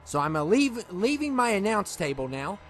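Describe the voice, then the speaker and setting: A man's voice: high-pitched, very animated, normal speed, fairly bright tone, a little hiss or hum. A man whining and rambling as he commentates a wrestling video game in character. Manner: whiny, exasperated rambling.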